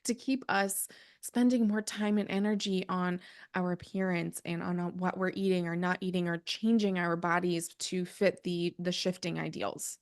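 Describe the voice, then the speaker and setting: A woman's voice: lowish voice, fairly even intonation, moderate pace. Earnest woman guest thinking aloud. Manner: earnest, thinks aloud with tangents and self-corrections. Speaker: podcast guest. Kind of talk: conversational podcast interview.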